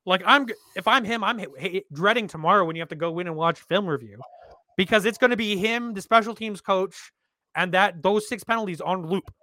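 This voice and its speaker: A man's voice: high voice, fairly quick, no room sound. A man co-hosting a casual sports podcast, talking bluntly and with swearing. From Canada. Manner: animated, blunt, swears freely. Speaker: podcast co-host.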